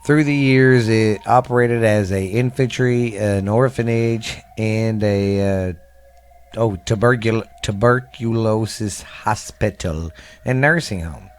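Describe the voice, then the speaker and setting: A middle-aged man with a Southern American accent hosts a casual ghost-story podcast. His voice sits on the low side. He reads his notes in a halting way, often restarting words. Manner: halting, stumbling over words. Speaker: podcast host.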